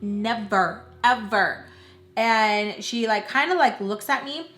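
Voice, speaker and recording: A woman's voice: on the high side, measured pace, faint music behind. A young woman telling a dramatic story from her own life as a vlogger, in casual chat full of fillers, acting out the voices of the people in it. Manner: animated, lots of filler "like", quotes others in lively voices. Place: indoors at home doing makeup. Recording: echoey room.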